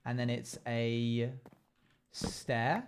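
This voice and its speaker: Young male streamer, loose chatty delivery, thinks aloud while working, average pitch. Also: little pitch movement, drawn-out words, background noise. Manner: chatty, rambling, thinks aloud and answers chat. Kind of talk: casual live-stream chat while building.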